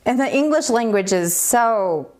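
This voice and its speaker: A woman's voice: a little high, animated, unhurried, darkish tone. Chatty woman hosting a craft livestream. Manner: chatty, laughs often, talks to viewers. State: tired. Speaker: livestream host, metalsmithing teacher. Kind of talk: casual live chat while teaching.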